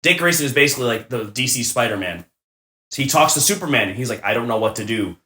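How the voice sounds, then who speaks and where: A young man chatting casually on a podcast, retelling stories with animated enthusiasm. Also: mid-range voice, fast. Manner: excited, animated storytelling with laughs. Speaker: podcast co-host. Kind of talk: casual chat. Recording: roomy echo.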